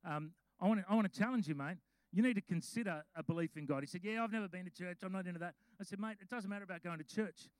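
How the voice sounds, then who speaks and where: A man, a pastor preaching a sermon, mixing slow scripture reading with chatty storytelling. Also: high-pitched, smooth, no echo, rough recording. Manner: reads scripture slowly.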